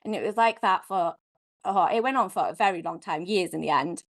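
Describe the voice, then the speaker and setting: A woman's voice: lowish voice, a little fast. A woman, a podcast guest, frankly telling her personal story in a chatty way full of "like" and the odd swear. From Wales. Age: adult mother. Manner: frank, expressive, peppered with "like" and mild swearing. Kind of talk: candid conversational storytelling.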